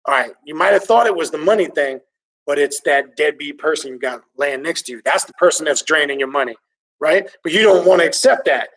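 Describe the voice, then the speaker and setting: A man hosting a livestream, reading viewer comments and ranting in an excitable, animated, profane way. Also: a little high, fairly quick, vocal fry, recorded from a distance, poor audio. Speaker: occult channel host reading viewer comments.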